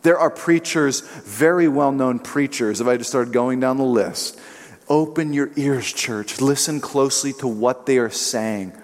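A man preaches emphatically, at times acting out other people's words in shifting voices. His voice is medium-pitched and a little slow, and the recording carries a long hall reverb.

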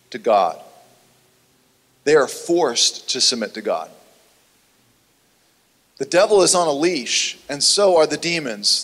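A man preaching a sermon in an earnest, conversational way that sometimes turns animated. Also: fairly high pitch. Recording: long hall reverb.

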